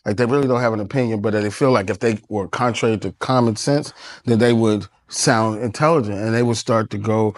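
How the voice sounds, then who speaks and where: An American man co-hosting a podcast in casual chat, animated and jokey, acting out phone voices. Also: fairly low pitch, fairly quick, dry recording, clean studio sound. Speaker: podcast co-host.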